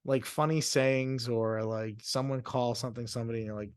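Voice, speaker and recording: A man's voice: mid-range voice, steady tone, brisk, hardly any pauses, dry recording. Male podcast host, rambling questions, lots of fillers, dry close sound. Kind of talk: casual interview chat.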